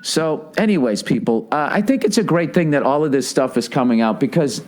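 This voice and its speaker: A man's voice: expressive, a little fast, a little mellow. Profane rambling male podcast storyteller. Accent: Boston. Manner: profane, rambling storytelling, many "right?" asides; slips into mocking impressions with jumps in pitch. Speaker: podcast host. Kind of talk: solo comedy podcast monologue.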